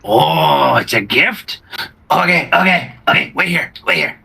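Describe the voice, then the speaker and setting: A man's voice: fairly high pitch, lively intonation, a little slow, creaky, sharp tone, husky, full character voice. A man voicing a skittish kobold lookout who yelps and fumbles his words. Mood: flustered.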